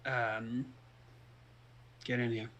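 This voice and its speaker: A man's voice: medium pitch, level tone, drawn-out words, sharp tone, dull audio. A man voicing an easygoing male adventurer in a tabletop game, speaking hesitantly. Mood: calm.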